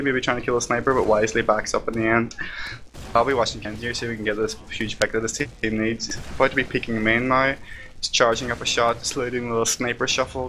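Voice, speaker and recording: Fast-talking bright male esports analyst. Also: mid-range voice, slight background noise. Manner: rapid, filler-heavy analysis with "like" and "kinda". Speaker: esports caster. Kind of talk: live esports play-by-play analysis.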